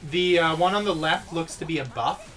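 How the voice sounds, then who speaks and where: Co-host chatting about games, mid-pitched. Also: normal speed, fairly bright tone. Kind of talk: casual gaming chat.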